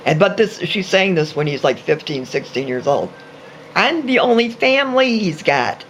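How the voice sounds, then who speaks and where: A middle-aged father in casual chat, telling stories slowly and earnestly. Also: high voice, very animated, fairly bright tone, slight background noise. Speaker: parent of a teenage son.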